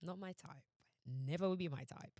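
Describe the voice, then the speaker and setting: A young woman tells a personal story on a podcast, animated and emphatic. She acts out what people said with big dramatic swings in her voice. The sound is dry and close. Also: normal speed, no echo. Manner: animated, emphatic, quotes herself and others with dramatic pitch swings. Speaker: podcast co-host. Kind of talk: casual storytelling chat.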